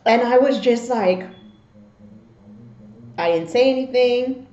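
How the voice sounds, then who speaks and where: A middle-aged woman vlogger telling casual, animated stories about family memories. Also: a little high, echoey room, highs cut off. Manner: animated, slow and drawn-out when telling stories. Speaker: mukbang vlogger. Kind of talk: casual storytelling.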